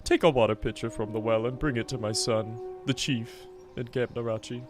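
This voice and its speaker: A man's voice: mid-range voice, steady tone, fairly quick, natural voice. A man voicing an elderly female tauren matriarch, reading quest text aloud in a put-on granny voice. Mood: gentle, proud. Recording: game music underneath.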